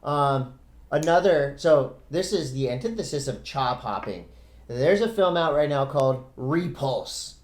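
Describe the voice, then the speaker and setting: On a laid-back podcast, this middle-aged co-host rambles loosely and laughs a lot. He has a mid-range voice with lively intonation and an unhurried pace. There's a roomy echo on the audio.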